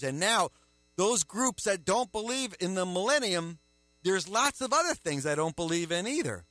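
A man preaching a sermon, emphatic, with rhetorical questions and a forceful delivery. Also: fairly high pitch, dry recording.

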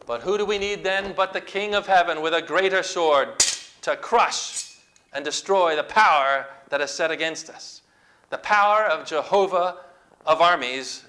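A man's voice: a little high, bright, forceful tone. A man preaching a sermon, retelling scripture with dramatic, emphatic storytelling.

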